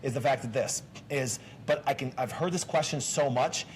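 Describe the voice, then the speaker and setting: A man's voice: medium pitch, normal speed, a little hiss or hum. A man hosting a casual health talk show as a doctor, talking emphatically, with restarts and rhetorical questions.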